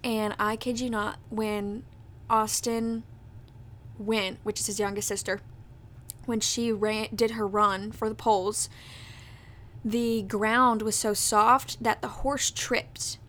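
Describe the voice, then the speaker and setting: A woman's voice: medium pitch, level tone, slow, a bit bright. A young adult woman hosting a podcast, telling a personal story in a chatty, casual way, full of fillers. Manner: chatty, leans on fillers like "like" and "that type of deal". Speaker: podcast host.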